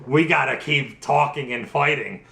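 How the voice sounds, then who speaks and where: A man's voice: mid-range voice, moderate pace, gravelly, pushed and bright, echoey room, a little hiss or hum. A man voicing a smug, gloating male villain who mocks and taunts. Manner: mocking, taunting.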